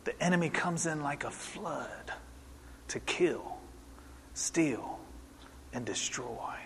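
A man in his forties preaching a sermon, telling a story in an animated way and asking the congregation questions. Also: fairly high pitch, slow pace, in a large hall, slight background noise.

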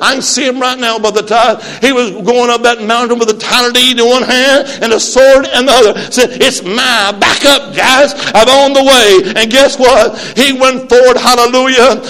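A man in his late sixties with a high-pitched voice preaches a Pentecostal sermon in a church sanctuary. He calls on the congregation for amens and breaks into shouts and sung-out lines. His voice rings with a long hall reverb. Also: clear, resonant tone. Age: 60s.

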